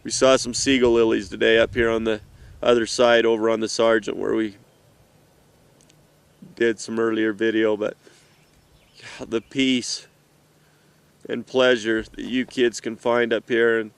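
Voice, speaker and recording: A middle-aged man gives a heartfelt, halting message to his children while seated outdoors in the mountains. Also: fairly low pitch, level tone, vocal fry, clean tone, dry recording. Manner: earnest, emotional, halting. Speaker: father addressing his children.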